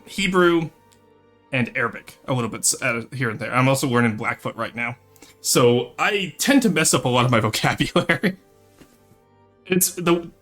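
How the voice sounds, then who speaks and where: A man's voice: mid-range voice, bright, forceful tone. A young man from Ontario, chatting casually on a live stream, reading chat and switching between English and French with frequent laughs. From Ontario, Canada.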